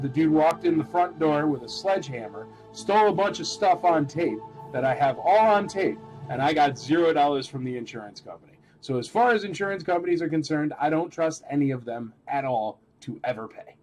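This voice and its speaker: A man hosting a live-stream toy auction, chatting in a rambling, animated way and calling out bids. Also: fairly high pitch, brisk, few pauses, faint music behind, poor audio.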